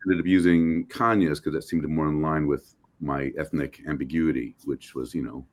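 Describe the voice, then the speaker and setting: A middle-aged American man, an actor guest, telling animated stories in a casual interview and acting out quotes with many restarts. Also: extremely low pitch, moderate pace. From United States.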